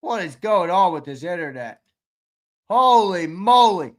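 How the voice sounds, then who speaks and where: A man co-hosting a live sports stream, running a giveaway shuffle, reading viewer chat and shouting out winners, swearing casually. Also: high voice, animated, measured pace. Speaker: sports show co-host.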